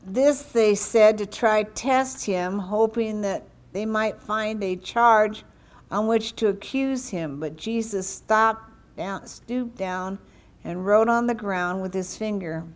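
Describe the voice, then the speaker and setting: A woman preaching a sermon, praying fervently and reading scripture aloud with emphasis. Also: medium pitch. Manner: slow, emphatic delivery with fervent prayer.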